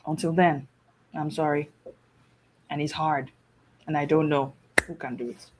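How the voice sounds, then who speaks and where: A woman from Nigeria, a guest on a talk show, telling stories in a lively way with frequent laughs. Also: deep voice, a little slow, slight background noise, low-quality recording. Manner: lively, laughing, switches into mimicked voices. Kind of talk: animated storytelling talk.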